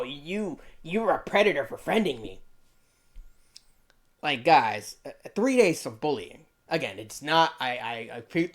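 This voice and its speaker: A young man giving casual reaction commentary, defensive, laughing often and saying "bro" a lot. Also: fairly high pitch. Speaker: YouTuber reacting to a video.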